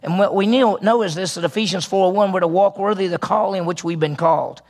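A man's voice: high voice, quick pace, darkish tone. A man preaching a sermon as pastor, earnest and emphatic, often repeating and correcting himself mid-sentence.

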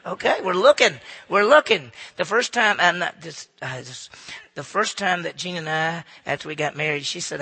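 A man's voice: high-pitched, animated, normal speed, creaky, pushed and bright, slightly rough. A man giving a humorous, folksy talk to a live audience, often asking the crowd questions. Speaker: speaker addressing an audience.

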